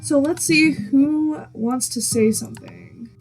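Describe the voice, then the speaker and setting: A woman's voice: sits high, slow, a little mellow, faint music behind, rough recording. A woman hosting a gameplay video, chatting casually and apologizing with a laugh at herself. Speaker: gaming video host.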